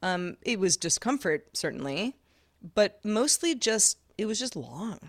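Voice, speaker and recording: A woman's voice: medium pitch, sing-song, unhurried, no echo, clean studio sound. A woman in casual conversation, talkative, often restarting her sentences with light laughs. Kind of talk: casual chat.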